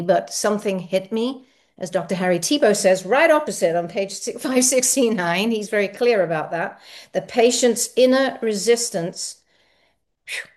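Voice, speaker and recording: A woman speaking at a recovery meeting, sharing her experience with frequent laughter and animated spiritual musing. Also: medium pitch.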